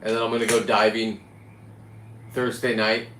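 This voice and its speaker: A man's voice: on the low side, monotone, moderate pace, a bit bright. Blunt, rambling man in a roomy space. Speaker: free diver and vlogger. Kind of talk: casual rambling chat to camera. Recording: roomy echo with faint background noise.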